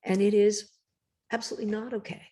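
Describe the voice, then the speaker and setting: A woman author talking emphatically and directly in a casual interview, with a slightly rough morning voice. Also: mid-range voice, level tone, fast talker, dark tone. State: morning voice, clearing throat. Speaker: cookbook author guest.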